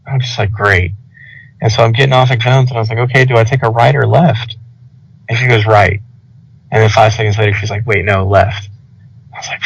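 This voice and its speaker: A young man telling a rambling, animated story over casual podcast chat, full of filler words. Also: fairly low pitch, gravelly, husky. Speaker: podcast co-host. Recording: dull lo-fi audio.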